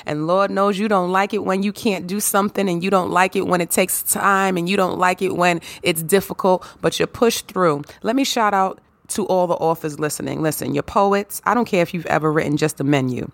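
A woman hosting her own podcast, hoarse and raspy from a sore throat, talking straight to her listeners in a sassy, preachy motivational monologue. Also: lowish voice, fairly quick, no echo. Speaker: podcast host.

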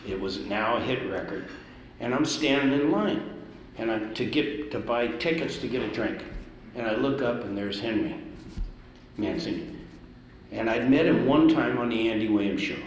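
An older man who composes music, telling lively anecdotes to an audience and jumping up in pitch to stress a point. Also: echoey room, in a large hall, slight background noise, low-quality recording. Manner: animated anecdotes, swings up in pitch for emphasis. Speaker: composer, speaker at an event. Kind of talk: storytelling to an audience.

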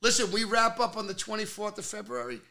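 A man with a high, bright New voice tells stories as a podcast guest. He is loud and playful, and he keeps breaking into mock Italian. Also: fast talker. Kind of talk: animated storytelling chat. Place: podcast studio.

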